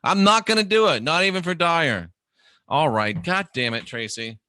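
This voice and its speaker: A man's voice: a little high, expressive, moderate pace, sharp tone, dry recording, studio quality. A man hosting a casual livestream, reading viewer questions aloud and answering them by name in a rambling, chatty way.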